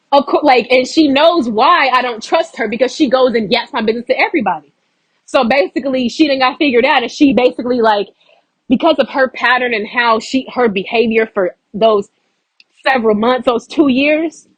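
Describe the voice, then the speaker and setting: A young woman telling a story in a blunt, profane, animated way, laughing now and then as she rants. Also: fairly high pitch, husky, dry recording, rough recording. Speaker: storyteller vlogger. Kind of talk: casual storytelling rant.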